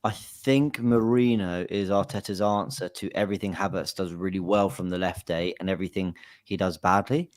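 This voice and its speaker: A man's voice: sits low, fairly even intonation, moderate pace, no echo, clean studio sound. A man co-hosting a fan podcast, thoughtful and explaining at length. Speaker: podcast co-host. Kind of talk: casual football chat.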